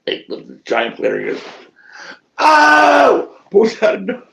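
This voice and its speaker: Speaking fast with a creaky, medium-pitched voice, this middle-aged wrestling promoter spins shoot-interview stories. He cusses without hesitation and animatedly voices other people's lines.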